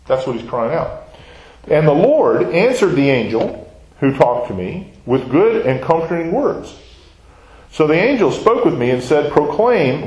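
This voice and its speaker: A man's voice: medium pitch, a little mellow, highs cut off. A man teaching a Bible study, talking conversationally and putting questions to the class. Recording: echoey room.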